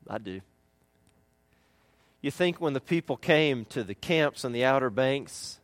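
A man preaching a sermon, swinging between loud, playful bits and soft, earnest ones. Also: medium pitch, no echo.

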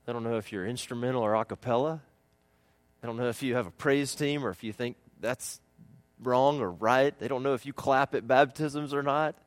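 A man preaching a sermon, swinging between loud, playful bits and soft, earnest ones. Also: mid-range voice, normal speed, dry recording.

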